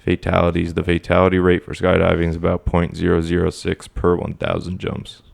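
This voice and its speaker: A young man co-hosting a casual podcast, reading statistics aloud haltingly. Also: sits low, completely flat delivery, vocal fry. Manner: reads stats aloud haltingly. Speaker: podcast co-host. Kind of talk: casual chat.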